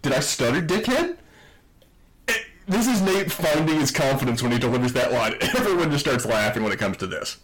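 A man's voice: medium pitch, big pitch swings, fast talker, hardly any pauses, fairly bright tone, a little hiss or hum, rough recording. A man co-hosting a podcast, recapping a TV episode with enthusiasm and reading quotes aloud in casual chat. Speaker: podcast co-host.

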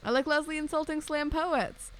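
Brief: female co-host, high register, chatty and rambling, with faint background hiss. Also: steady tone, moderate pace, low-quality recording. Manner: rambling, giggly. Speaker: podcast co-host. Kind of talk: casual chat over a video call. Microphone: own mic on a video call.

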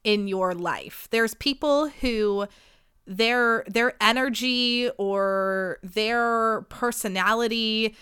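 Late-20s woman podcasting, chatty and self-deprecating, bright crisp voice. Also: slow pace, no echo, studio quality. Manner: chatty and self-deprecating, with frequent fillers and pitch jumps. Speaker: podcast host. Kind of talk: casual confessional chat.

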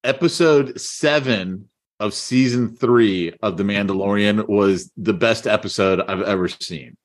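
A man's voice: on the low side, unhurried. A man co-hosting a podcast in casual chat, emphatic and repeating his points. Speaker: podcast co-host.

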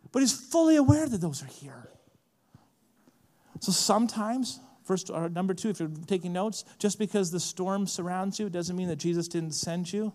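A man preaching a sermon in a casual, animated way, often saying "like", at a conference. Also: high voice, normal speed, in a large hall. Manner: lively, casual, frequent "like" fillers. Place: large conference hall.

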